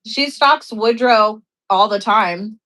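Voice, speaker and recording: A woman co-host in laid-back conversation. She talks freely and at length, relaxed and blunt in her delivery. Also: medium pitch, slow pace, rough recording. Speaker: co-host and friend. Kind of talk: casual chat.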